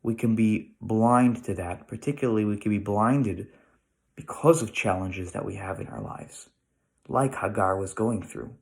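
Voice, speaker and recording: A man's voice: on the low side, a little slow, gravelly. A middle-aged American man giving a casual Torah lesson, thinking aloud with restarts and rhetorical questions. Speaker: rabbi teaching weekly Torah lesson.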